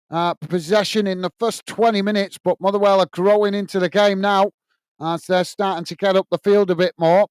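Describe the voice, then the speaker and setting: A man with a high, smooth voice runs a live football watch-along, chatting to viewers and calling the play between plenty of "uh"s. His voice sits close and dry on the mic, with no room sound around it. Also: no room sound. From United Kingdom. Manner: friendly, reads out viewer messages, frequent "mate" and "uh" fillers; excited goal call.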